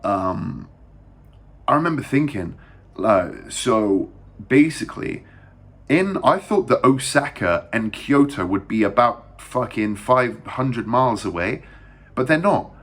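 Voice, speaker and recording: A young English man telling a story to camera in a casual, rambling and crude way, talking fast with lots of fillers and restarts. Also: medium pitch, fairly bright tone. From England. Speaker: vlogger.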